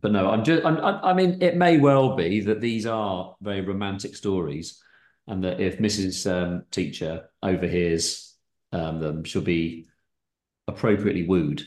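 A man's voice: low-pitched, a little slow, darkish tone, roomy sound. A man hosting a comedy podcast, reading stories aloud in a hesitant, stumbling, giggly way.

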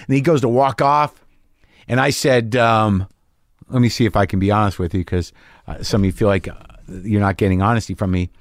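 A man's voice: on the low side, steady tone, a little fast, no room sound. Candid middle-aged man, dry close mic. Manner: confessional, profane, acts out both sides of an argument. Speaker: podcast host and stand-up comic. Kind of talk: candid monologue.

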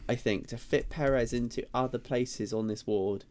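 A man hosting a casual podcast debate, halting and restarting often, quick to apologize. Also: mid-range voice, darkish tone. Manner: hesitant, self-interrupting, apologetic. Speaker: podcast host.

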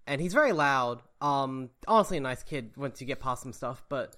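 A co-host on a casual book-club podcast who tells little anecdotes and reads passages aloud. The voice swings widely in pitch. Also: expressive, moderate pace, bright, forceful tone.

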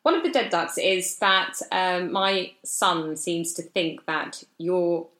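A woman on a podcast, talking in a slightly low voice in a relaxed, chatty way. She tells anecdotes and often drops into other people's voices. The recording has a roomy echo. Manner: chatty, quick to tell stories, mimics others. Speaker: podcast co-host. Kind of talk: casual chat.

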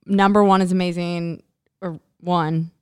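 Casual co-host, woman, low and smooth, chatty storyteller, dry close mic. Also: flat delivery, a little slow, darkish tone, no echo. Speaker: podcast co-host. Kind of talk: casual chat.

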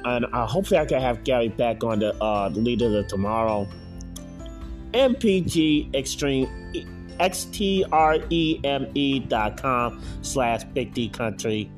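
A man's voice: medium pitch, sing-song, a little slow, faint music behind. A man hosting his own show, reading out football scores and his picks in a frustrated, muttering way. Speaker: podcast host. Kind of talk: casual solo sports picks recap.

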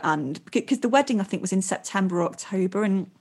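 Female comic, chatty storyteller, laughs a lot, mid-pitched. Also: fast talker, slightly rough. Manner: animated storytelling, laughs often. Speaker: comedian. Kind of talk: casual podcast chat.

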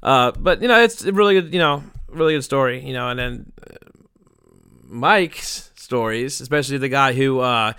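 A man's voice: medium pitch, moderate pace, bright, forceful tone, clean tone, no room sound, studio quality. A young man producing a podcast, wrapping up the show in a rambling, crude, joking way with lots of fillers. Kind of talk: casual podcast chat.

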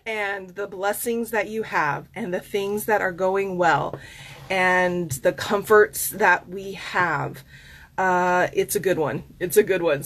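A chatty woman coach with a Southern US drawl hosts a relaxed self-care talk show. Her pitch sits in the middle, and she rambles warmly through asides and fillers. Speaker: host and life coach. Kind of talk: casual podcast monologue with card reading.

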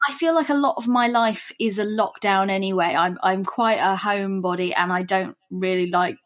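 A woman's voice: mid-range voice, normal speed. A woman writer chatting as a podcast guest, giggly and chatty, often restarting her sentences. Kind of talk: casual conversation.

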